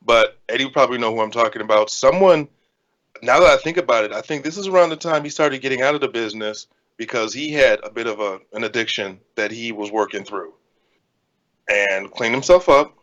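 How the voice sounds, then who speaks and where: A man's voice: medium pitch, fairly bright tone, highs cut off. A man in his thirties, co-hosting a podcast and talking in a candid, rambling way. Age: 30s. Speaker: podcast co-host, indie wrestler. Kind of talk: casual podcast chat.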